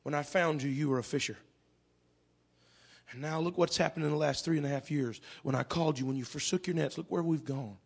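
A male preacher voicing Jesus as a gentle, reassuring teacher, speaking soft and comforting. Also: a little high, a little fast, vocal fry, husky.

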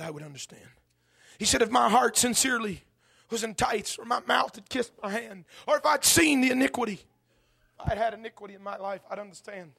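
A man preaching a sermon with impassioned delivery, dropping to hushed tones and building to shouts. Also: sits high, gravelly, breathy edge.

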